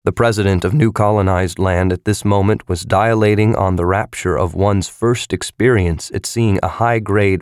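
Reading from a novel, a male narrator keeps his delivery steady and measured, his voice sitting on the low side. The audiobook has clean studio sound with no audible room.

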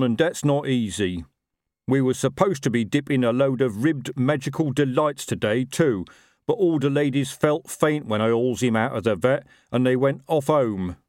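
A man voicing a slow-witted, chatty male troll worker with a rambling, working-class manner. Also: mid-range voice, a little mellow, no echo, clean studio sound, voice pushed up, natural voice.

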